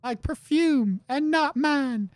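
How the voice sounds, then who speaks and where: Man doing worried otter wife, high girlish voice, pleading. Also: slow. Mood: anxious. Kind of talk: game dialogue read aloud.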